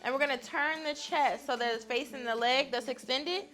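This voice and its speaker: A woman's voice: sits high, normal speed, a bit bright. A woman guiding a stretching class in an upbeat, chatty way, often laughing as she talks. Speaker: fitness instructor.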